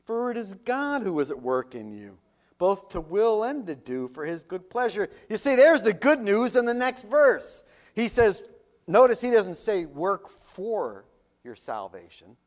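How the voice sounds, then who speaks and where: High-pitched, slow-preaching male pastor. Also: very animated. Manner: emphatic, rhetorical questions, loud swells and hushed drops. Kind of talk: sermon with scripture reading.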